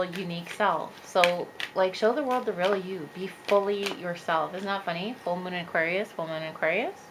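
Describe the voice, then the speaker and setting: A woman's voice: on the low side, background noise. A woman giving a chatty, upbeat tarot reading, talking straight to her viewers as a spiritual coach. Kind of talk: casual tarot reading monologue.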